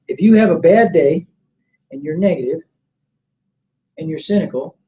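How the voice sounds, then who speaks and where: A middle-aged man leading a motivational sales training seminar. He coaches with energy, keeps checking that the room is following, and acts out sample pitches. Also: normal speed, mellow, dull audio, a little hiss or hum. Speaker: network marketing trainer.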